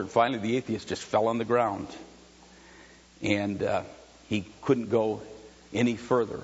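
A man preaching a sermon, moving between quiet storytelling and loud, shouted exhortation. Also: on the low side, husky. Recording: dull lo-fi sound with long hall reverb.

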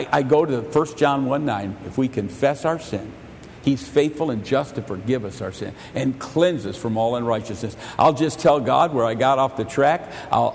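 Gravelly preacher in a church hall. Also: male voice, medium pitch, a little hiss or hum. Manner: halting, repeats words, then swings loud and soft. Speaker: pastor. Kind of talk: sermon. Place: church sanctuary.

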